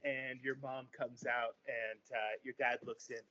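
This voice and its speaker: Male game master, mid pitch, halting narration full of fillers, dull lo-fi recording. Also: flat delivery, heavy background noise.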